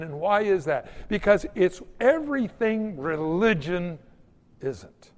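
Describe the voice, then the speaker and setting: Lively, folksy preacher man in a hall. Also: sits high. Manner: animated, folksy storytelling with acted-out quotes. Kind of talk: sermon.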